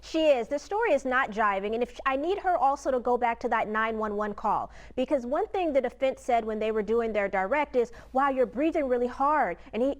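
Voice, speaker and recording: A woman legal analyst giving direct, emphatic commentary on a trial for a news program. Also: a little high.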